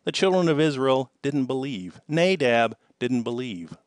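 A man preaching a sermon, swinging between loud emphatic lines and quiet ones, and telling a personal story in the middle. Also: mid-range voice, animated, a little slow, no room sound, clean studio sound. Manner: emphatic, rises and falls in loudness for effect.

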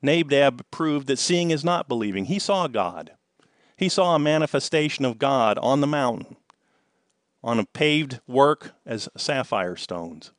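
A man preaching a sermon, swinging between loud emphatic lines and quiet ones, and telling a personal story in the middle. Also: mid-range voice, expressive, measured pace, no room sound, clean studio sound. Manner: emphatic, rises and falls in loudness for effect.

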